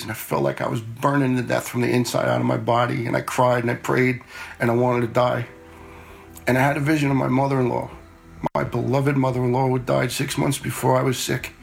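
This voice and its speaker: A man's voice: medium pitch, creaky. A middle-aged man telling a personal story in a plain-spoken, earnest way, often repeating words as he goes.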